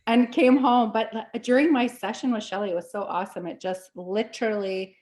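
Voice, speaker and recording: A woman co-hosting a casual chat, telling a story with lively acted-out quotes and frequent laughs. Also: fairly high pitch, a little fast. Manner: animated storytelling, acts out quoted voices; laughs often. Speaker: podcast co-host.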